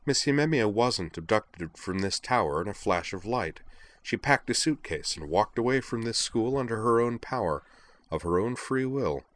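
Brief: male reader voicing a calm, defiant student, firm and flat, storybook reading. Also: fairly low pitch, moderate pace, pitched above the performer's own voice, natural voice. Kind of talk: audiobook reading of fan fiction.

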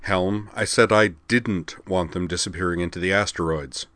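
A man's voice: sits low, moderate pace, a bit bright, dry recording. A man voicing a stern starship commander giving tight, controlled orders.

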